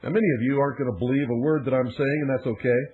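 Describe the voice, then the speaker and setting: A middle-aged man hosting a radio talk show, pressing his points with forceful emphasis and long dramatic pauses. His voice sits in a middle register. The audio is narrow and phone-like, with a thin lo-fi broadcast quality. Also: mid-range voice, fairly even intonation.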